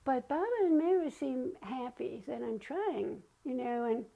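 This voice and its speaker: Phone-quality sound captures an older woman's high, gravelly voice, unhurried and lively in intonation. She's a guest telling chatty personal stories and acting out what people said.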